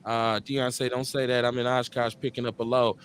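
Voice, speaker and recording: A middle-aged man with a Midwestern US accent, hosting a live call-in show in a relaxed, slangy way and repeating his phrases. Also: mid-range voice, a little fast, slight background noise. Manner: laid-back, slangy, drawls and repeats phrases. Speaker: radio show host.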